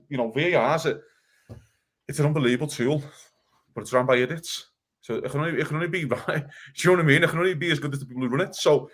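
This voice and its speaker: A man in a casual football podcast, firing off a heated rant at a rapid clip. His voice sits at an ordinary middle pitch, and he swears freely as he argues. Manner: fast, heated ranting with swearing. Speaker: podcast co-host.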